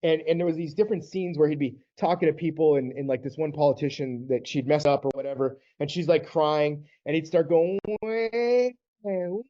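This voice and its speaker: The audio is lo-fi and a bit dull as a Southern U.S. men's divorce coach talks to camera in a slightly high voice, fairly fast and with hardly any pauses. His coaching is earnest and conversational, and he acts out brief quoted exchanges.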